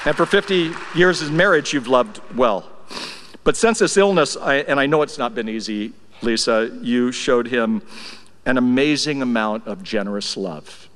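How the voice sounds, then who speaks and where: A man's voice: mid-range voice, normal speed, a faint crowd. Older man giving a memorial tribute. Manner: storytelling, wry and affectionate, drops soft when emotional. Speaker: eulogy speaker. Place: church sanctuary. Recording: reverberant church hall.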